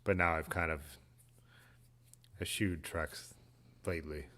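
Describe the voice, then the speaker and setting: A man's voice: low voice, steady tone, slow, a bit bright. A man, hosting a casual livestream, reading viewer comments aloud and chatting in a laid-back, rambling way. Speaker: livestream host.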